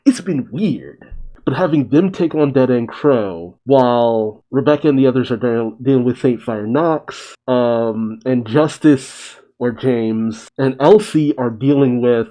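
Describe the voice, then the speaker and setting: A man hosts a casual manga chapter recap and reaction. He talks in a chatty way with enthusiastic interjections. His voice is mellow and warm, not bright. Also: mid-range voice, measured pace, poor audio.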